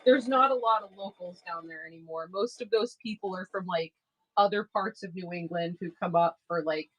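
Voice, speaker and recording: Woman, rambling livestream chat, sewing as she talks, low-pitched voice. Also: moderate pace, a bit bright, slightly rough, poor audio. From Maine. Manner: chatty, rambling, laughs often. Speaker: craft seller on a live stream.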